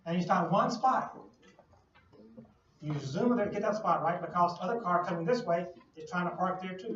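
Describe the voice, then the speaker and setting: A man's voice: sits high, normal speed, fairly bright tone. A man giving a classroom lecture, explaining with playful everyday analogies and questions to the class. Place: lecture hall. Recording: distant, echoey lo-fi classroom recording.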